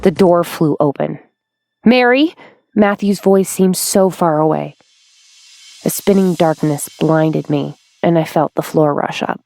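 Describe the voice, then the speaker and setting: A woman narrating a horror story in a hushed, drawn-out way, sometimes dropping to a whisper. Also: deep voice, fairly even intonation, vocal fry, soft background music. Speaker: audiobook narrator.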